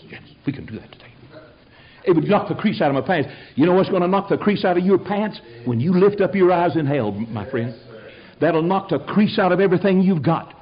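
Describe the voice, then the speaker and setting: An older male preacher with a husky, slightly high voice delivers a fiery, folksy sermon. His pitch swings widely as he climbs to shouted peaks. The recording sounds dull and lo-fi. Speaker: pastor.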